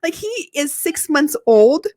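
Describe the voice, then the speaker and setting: A higher-pitched woman chats on a podcast, laughing often as she tells family stories. Her voice sounds dry and close, with no room around it. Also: very animated, takes it slowly, a little mellow, dry recording. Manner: chatty storyteller, laughs often, acts out her kids' voices. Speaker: podcast co-host. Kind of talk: casual chat.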